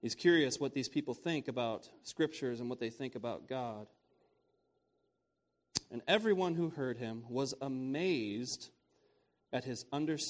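A man preaching a sermon on scripture in a casual, conversational way, repeating key phrases and often asking "right?". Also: mid-range voice.

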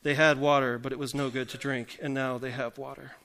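A man delivers a sermon in a loose, chatty way, his voice clear and bright at an ordinary middle pitch. He breaks up the scripture with wry, self-mocking asides and keeps asking the congregation questions. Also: flat delivery, fairly quick. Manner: joking, self-deprecating asides. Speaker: pastor. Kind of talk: conversational sermon.

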